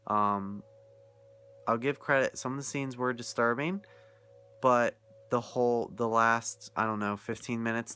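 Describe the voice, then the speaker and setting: A man's voice: mid-range voice, pushed and bright, clear, resonant tone. A young man ranting casually about a film he watched, incredulous and often laughing. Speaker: vlogger reviewing a film. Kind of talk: casual rant.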